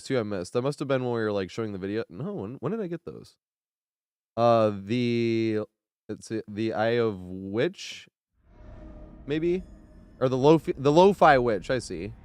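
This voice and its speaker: A man's voice: medium pitch, expressive, measured pace, darkish tone, no echo. Chatty man streaming a game, laughing often. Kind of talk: casual live-stream commentary.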